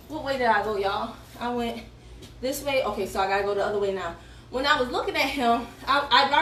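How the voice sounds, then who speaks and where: A high-voiced woman tells a story on a live stream while she exercises. She is chatty and animated, laughs often, and sounds a little out of breath. She is heard from a distance in a roomy space with faint background noise. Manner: animated, chatty, addresses viewers as y'all, laughs a lot. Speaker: fitness coach recruiting for her team.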